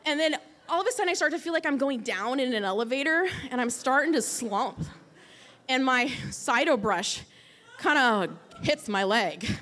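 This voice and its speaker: A young woman in her twenties with a bright, high voice tells a funny personal story. She is animated and self-mocking, acting out the other voices in the tale and breaking into loud bursts when the story heats up. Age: 20s. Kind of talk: personal story, stand-up style.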